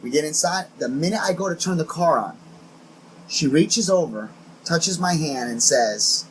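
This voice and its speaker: A man co-hosting a podcast, telling a dating story in a casual, animated way and acting out the quotes with laughter. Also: on the high side, normal speed, slight background noise, rough recording. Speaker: podcast co-host.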